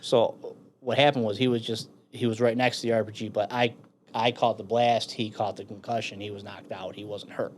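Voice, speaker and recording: A man's voice: lowish voice, brisk, slight background noise. A man in his thirties from the United States, a firefighter telling a war story in casual talk, swearing and acting out the others in it. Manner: swearing, animated when quoting others. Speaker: podcast guest, firefighter and veteran.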